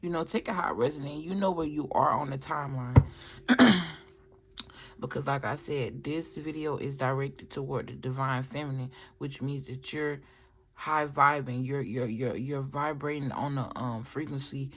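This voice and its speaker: At normal speed and medium pitch, a tarot reader talks through a casual reading over a little hiss or hum. She addresses viewers directly in a chatty way, wandering with restarts and asides.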